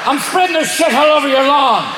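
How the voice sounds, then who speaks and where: A man's voice: extremely high pitch, fairly quick, heavy background noise, voice pushed up. A man doing an angry Irish-sounding raccoon. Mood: indignant rant. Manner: indignant, cursing. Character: brash, foul-mouthed raccoon with an Irish lilt. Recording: roomy live venue with loud crowd.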